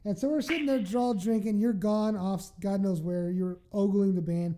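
A woman telling a wild story in casual chat, animated, swearing and laughing as she goes. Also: medium pitch, normal speed.

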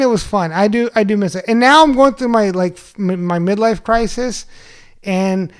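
A man in his forties, an animated and profane storyteller in casual chat. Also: high-pitched, moderate pace, smooth.

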